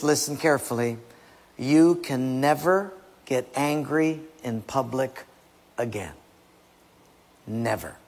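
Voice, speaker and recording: A male preacher delivers a sermon with a gravelly, raspy voice. He is urgent and emphatic, moving from hushed asides to loud exhortation. His words ring with long reverb in a large hall. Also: on the high side.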